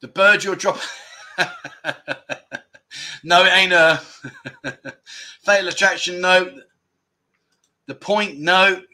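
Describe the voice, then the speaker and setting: This high-pitched livestream host talks extremely slowly, leaving long pauses, in a sharp tone. He reads viewer guesses and teases his chat playfully, often saying "mate" and "no."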